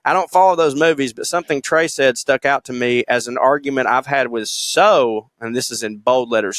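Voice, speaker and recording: A man reads listener emails aloud on a podcast. He is loose and jokey, laughs along, and drops curse words. His voice sits at an ordinary middle pitch, recorded close and dry. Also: a bit bright, no room sound. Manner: loose and jokey, swears freely, laughs while reading. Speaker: podcast co-host.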